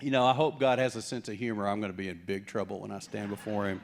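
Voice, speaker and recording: A man's voice: fairly low pitch, fast talker. A man preaching a sermon, joking with the congregation and acting out the characters in the story. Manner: jokey, animated preaching with acted-out quotes. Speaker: pastor.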